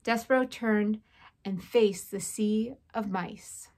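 A woman teacher at home, reading a children's novel aloud to her class with a clear, expressive delivery. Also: mid-range voice, slow.

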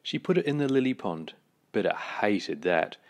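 A man reading a children's picture book aloud, with slow, expressive storytelling. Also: on the low side.

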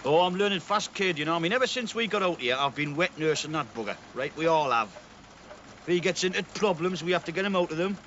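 A man's voice: a little high, lively intonation, fast talker, fairly bright tone, a little hiss or hum. An actor playing a weary, blunt middle-aged foreman who grumbles. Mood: fed up. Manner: fed-up, blunt. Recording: dull TV soundtrack.

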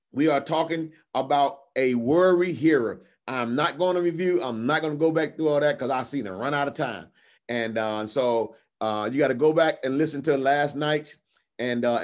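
A man teaching a Bible lesson online as a pastor, relaxed and chatty, slowing down to stress key words in declarations. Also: mid-range voice. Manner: slow emphatic declarations, rising on key words; relaxed, conversational with fillers.

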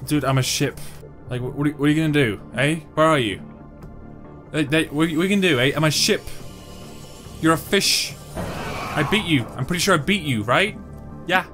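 A man giving live reaction commentary over gameplay, excitable, swearing, and talking back to the game. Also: a little high, moderate pace, pauses often. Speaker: gaming channel host. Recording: game music underneath.

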